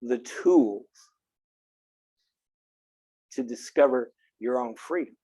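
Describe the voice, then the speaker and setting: A man from Texas teaching a college philosophy class, frank and earnest and quick to crack a joke, recorded on a close mic in a classroom. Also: mid-range voice, mellow, husky, dry recording. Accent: Texan. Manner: earnest, frank, joking, speaks directly to students. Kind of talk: classroom lecture.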